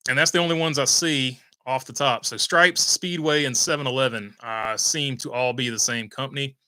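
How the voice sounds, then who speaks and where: Young adult man, livestream host reading chat; bright, crisp tone, dry close-mic sound, loose and rambling. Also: medium pitch, moderate pace, dry recording. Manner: rambling, many "uh" fillers, reads viewer comments aloud.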